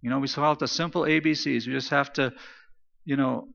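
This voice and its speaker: A man's voice: mid-range voice, fairly even intonation, fairly quick, gravelly, a bit bright, in a large hall, dull audio. A man preaching a sermon in an emphatic style, repeating phrases for stress. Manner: emphatic, repetitive preaching cadence. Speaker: pastor.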